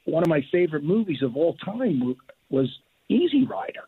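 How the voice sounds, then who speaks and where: Older male guest, retired ref, gravelly and husky, lively storyteller, phone-line sound. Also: a little high, fairly quick. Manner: animated, restarts and repeats words.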